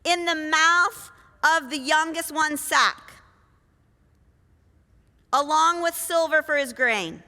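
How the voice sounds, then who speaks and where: A woman preacher voicing a commanding male ruler who gives brisk orders. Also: sits high, sharp tone, in a large hall, full character voice.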